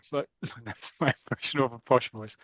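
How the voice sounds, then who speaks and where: A man's voice: medium pitch, moderate pace, fairly bright tone, no room sound. A man casually retelling a comic story, laughing often and acting out quotes. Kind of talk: casual chat, retelling with put-on voices.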